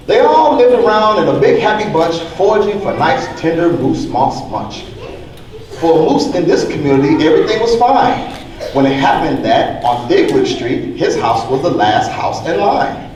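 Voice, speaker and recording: A man's voice: on the high side, sing-song, moderate pace, a crowd in the background. Brief: man storyteller, sing-song read-aloud, distant mic, roomy echo, faint noise. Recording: echoey hall from far off, faint noise.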